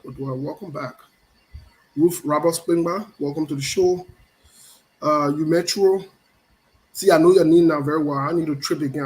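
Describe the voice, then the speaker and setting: High-voiced playful man hosting. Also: poor audio. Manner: playful, teasing, repeats phrases. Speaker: show host. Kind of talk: casual live-stream chat greeting viewers.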